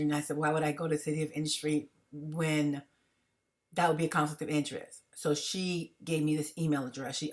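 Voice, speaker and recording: A stressed woman vlogging about her troubles, rambling and halting with many fillers and restarts. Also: low-pitched. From United States. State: stressed, agitated. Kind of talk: emotional personal vlog.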